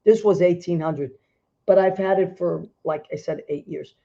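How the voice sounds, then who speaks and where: A middle-aged woman hosting a casual chat show, animated and quick to laugh. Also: lowish voice, lo-fi sound. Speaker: host.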